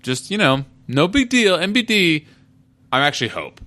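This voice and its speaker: A man's voice: a little high, big pitch swings, moderate pace, bright, forceful tone. A man voicing a young woman, speaking offhand and slangy. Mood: flippant.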